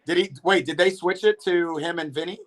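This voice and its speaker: A man's voice: on the high side, fairly even intonation, brisk, fairly bright tone. A young man hosting a livestream watch party, reacting casually to the match and greeting viewers in chat. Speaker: livestream host. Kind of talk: football watch-party commentary.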